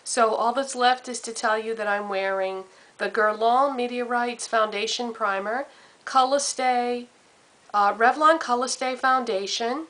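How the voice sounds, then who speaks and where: A woman makeup vlogger speaks to her camera in a slow, unhurried way, reading out product names one after another. Her voice sits fairly high, and the tone stays relaxed and chatty throughout. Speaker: beauty vlogger. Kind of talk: casual makeup vlog. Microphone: camera mic.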